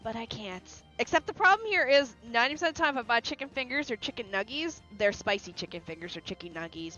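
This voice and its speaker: Giggly young woman streamer. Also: medium pitch. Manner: animated, giggly, swears casually. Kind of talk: casual livestream chat. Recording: lo-fi with faint music.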